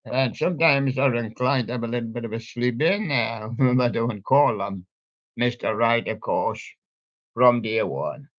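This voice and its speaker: Older guy hosting his stream, slow and chuckly, punny, muffled lo-fi sound. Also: mid-range voice. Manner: chuckling, jokey wordplay, talks to his props. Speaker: live stream host. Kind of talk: rambling solo live-stream chat. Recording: dull lo-fi stream audio.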